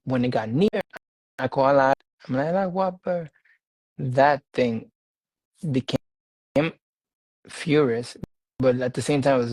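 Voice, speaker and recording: A man telling a personal faith testimony in a casual interview, animated and laughing often, repeating his phrases. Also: mid-range voice, no echo, rough recording. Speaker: guest sharing a faith testimony.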